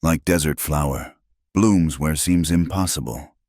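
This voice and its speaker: A man's voice: very deep voice, measured pace, darkish tone, dry recording, studio quality. A man voicing a solemn, proud warrior who speaks in short, clipped, broken phrases.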